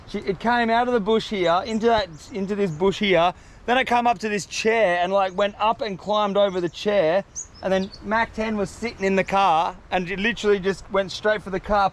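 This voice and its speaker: A young man, vlogging outdoors in the bush, rambling excitedly in casual slang. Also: sits high, moderate pace. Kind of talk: casual outdoor vlog narration.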